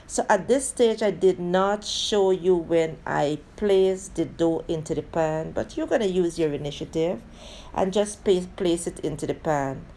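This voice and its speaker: A woman's voice: lowish voice, measured pace, mellow, a little hiss or hum. A woman hosting a casual cooking tutorial. She talks viewers through each step in a chatty way, with friendly asides, and keeps calling them "guys". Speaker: cooking channel host.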